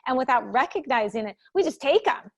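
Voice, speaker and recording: A woman's voice: sits high, lively intonation, a little fast. A woman hosting a parenting interview, often affirming her guest and reflecting back what she hears. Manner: affirming listener, frequent mm-hmms. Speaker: podcast host. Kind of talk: conversational interview.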